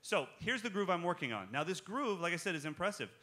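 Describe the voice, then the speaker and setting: A man leading a drum clinic in front of a crowd, animated and joking. His voice is bright and forward, and he talks straight to the room. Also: sits high, quick pace. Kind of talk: live drum clinic talk with Q&A. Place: music shop clinic in front of an audience.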